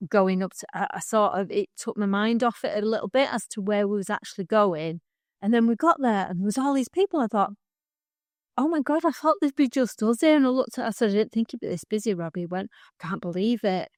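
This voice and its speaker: A woman's voice: mid-range voice, fairly quick, dry recording. A middle-aged woman co-hosting a podcast, chatting casually with a mid-range voice. She rambles through heartfelt stories, stumbling and restarting, and breaks into laughs now and then. The sound is close and dry, with no room around her. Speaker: podcast co-host. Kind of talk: casual chat.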